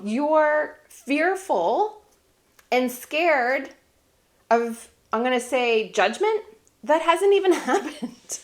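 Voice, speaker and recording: A woman's voice: high voice, big pitch swings, slow pace. A middle-aged woman giving heartfelt, emphatic life advice as a family vlogger talking to camera. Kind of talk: earnest motivational talk to camera.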